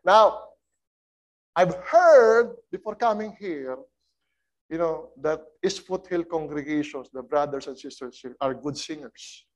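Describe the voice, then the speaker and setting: High-voiced preacher with swinging volume. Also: male voice, a little slow. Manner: lively preaching with sudden loud and soft swings, leads congregation in song. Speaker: guest preacher. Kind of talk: sermon.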